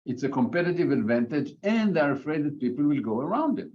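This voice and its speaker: Male panelist on a video call, slightly high voice, dull lo-fi sound with faint hiss. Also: big pitch swings, fast talker. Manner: explanatory, with frequent restarts. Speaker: academic panelist. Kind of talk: panel discussion. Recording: dull lo-fi audio with faint noise.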